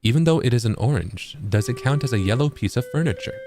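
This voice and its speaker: A man's voice: mid-range voice, animated, fast, music in the background. Playful young man streaming a game. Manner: playful, chatting with viewers, thinking aloud. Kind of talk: casual gaming commentary.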